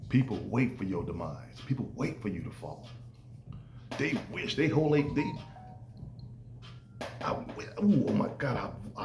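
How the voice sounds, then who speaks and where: Animated man in an echoey room. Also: fairly low pitch, slight background noise. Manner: animated, acts out quoted voices. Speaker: podcast host. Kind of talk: casual podcast monologue. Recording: echoey room with faint ambience.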